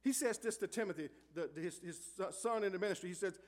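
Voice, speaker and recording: A male pastor preaching a sermon in church. He calls out to the congregation for answers and swings between hushed lines and loud ones. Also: sits high, quick pace, few pauses. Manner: call-and-response preaching, swings from soft to loud. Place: church sanctuary.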